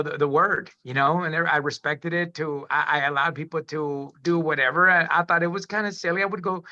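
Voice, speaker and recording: A middle-aged man with a gravelly, sharp voice, pitched a little high for a man. He rambles through a personal story as a podcast guest, restarting his sentences and calling the host "man". The audio sounds dull and lo-fi. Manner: rambling, frequent restarts, says "man" often.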